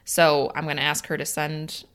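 On a relaxed podcast, a Chicago-accented co-host from Illinois chats and reads aloud a listener's story, laughing easily and giving brief, dry answers. Her voice is low-pitched, smooth, and fairly bright, with a level tone and normal speed.

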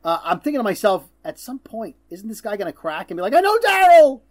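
A man's voice: sits high, lively intonation, quick pace. A man co-hosting a casual podcast, recapping a TV episode in a chatty way and acting out lines. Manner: chatty, acts out quotes with loud bursts. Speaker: podcast co-host.

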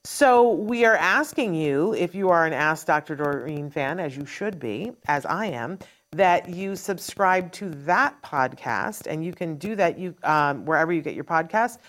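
Woman host, low-pitched, upbeat, long chatty announcements for a live show. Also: animated, unhurried, fairly bright tone. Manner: chatty, upbeat, runs through notices in long strings.

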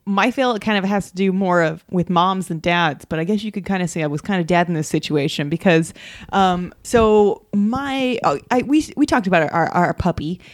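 Animated, swearing woman telling a story. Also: lowish voice, moderate pace. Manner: animated, swears, acts out quotes. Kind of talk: casual storytelling chat.

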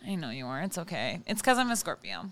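A woman's voice: sits low, sing-song, fast, fairly bright tone. A woman co-hosting a casual chat, blunt and profane, teasing her friend and laughing often. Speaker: podcast co-host.

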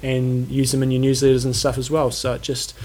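A man's voice: mid-range voice, monotone, a little fast, darkish tone. Easygoing New man, dry humor. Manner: easygoing, dry, brief replies. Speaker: podcast co-host. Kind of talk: casual chat.

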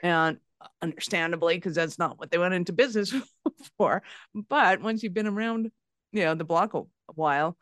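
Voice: medium pitch, normal speed, fairly bright tone, no room sound, clean studio sound. A podcast host asking questions in an upbeat, casual way, laughing easily. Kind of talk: casual interview.

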